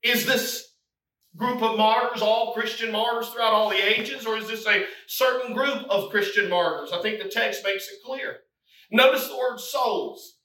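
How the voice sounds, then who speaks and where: A man preaching a sermon, swinging from hushed, low passages to shouted, climbing appeals. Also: normal speed. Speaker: pastor. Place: church sanctuary. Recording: echoey room, mic from a distance.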